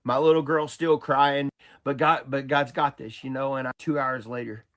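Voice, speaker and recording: A man's voice: mid-range voice, level tone, normal speed, a bit bright. A man from Oklahoma rambling through a personal testimony, often repeating himself and stumbling over his words. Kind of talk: storytelling testimony.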